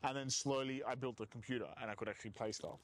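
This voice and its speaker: A man in a casual chat, reminiscing in a lively way and swearing freely. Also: mid-range voice, fast.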